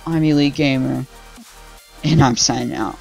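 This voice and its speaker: A man's voice: medium pitch, fairly even intonation, measured pace, gravelly, loud music behind the voice. A young man doing live gameplay commentary for his gaming channel, trash-talking his teammates in slang and getting easily frustrated.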